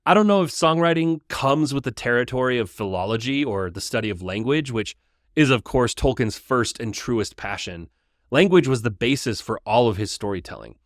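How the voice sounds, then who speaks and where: Animated man retelling a story. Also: medium pitch, normal speed, dry recording, clean studio sound. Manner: lively, chatty, chuckles while telling. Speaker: host. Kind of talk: casual book retelling.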